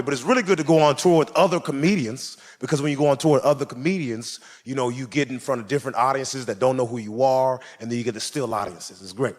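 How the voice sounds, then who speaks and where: A man doing stand-up, telling a story and acting out the people in it with lots of energy. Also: medium pitch. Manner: animated, acting out characters in the story. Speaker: stand-up comedian. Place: comedy stage before a live audience. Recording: live club set with audience noise. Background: audience laughter and ambience.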